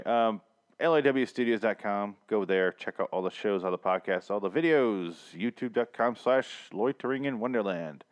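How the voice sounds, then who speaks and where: A man co-hosting a podcast, riffing in crude, sarcastic banter with his friend. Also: lowish voice. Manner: sarcastic, riffing, quick to mock. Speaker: podcast co-host.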